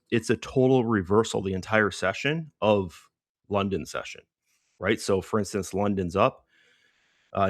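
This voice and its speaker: A man with a low voice, a bit out of breath, chatting loosely through a live market session. His talk is rambling and full of fillers, and the sound is dry, with no room echo. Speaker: trading livestream host. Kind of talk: casual live market commentary.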